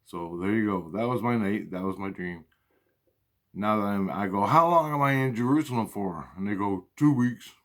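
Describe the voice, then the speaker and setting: A man's voice: fairly low pitch, moderate pace, fairly bright tone. A man telling a long, rambling monologue to camera, swearing heavily and repeating and restarting his phrases. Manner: profane, repetitive, restarts often. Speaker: vlogger.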